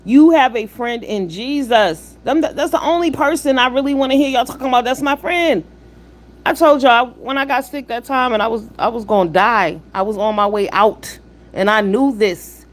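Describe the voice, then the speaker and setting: A woman's voice: fairly high pitch, normal speed. Blunt, profane woman in her fifties. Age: 50s. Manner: blunt, profane and preachy, with rhetorical questions. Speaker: livestream host. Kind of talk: live-stream commentary with chat shout-outs.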